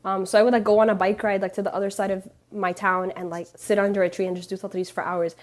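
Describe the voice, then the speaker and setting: A young woman of Palestinian background, raised partly in Canada, appears as a podcast guest and embroidery teacher in a casual storytelling interview. She speaks at medium pitch with a flat delivery and a quick pace, telling stories loosely and chattily, full of fillers and little laughs.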